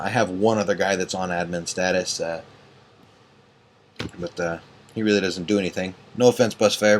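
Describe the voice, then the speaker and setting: A tired man ranting late at night as an online group admin, angry and profane, rambling with many fillers. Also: fairly low pitch. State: tired and yawning.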